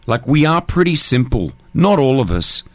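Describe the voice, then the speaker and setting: Male call-in host, casual and chatty, mid-pitched, dry close mic. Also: big pitch swings, normal speed, no echo. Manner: chatty, loose, filler-heavy. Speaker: radio host.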